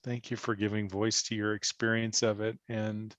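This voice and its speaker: A man leading an online spiritual class over a video call, speaking gently and slowly while searching for his words. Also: fairly low pitch, little pitch movement, dry recording. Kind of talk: reflective teaching talk.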